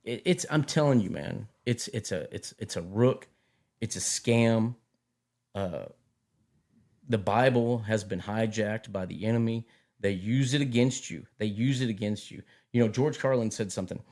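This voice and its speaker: Animated middle-aged man telling stories. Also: fairly low pitch, normal speed. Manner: animated storytelling, repeats words and phrases. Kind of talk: casual chat.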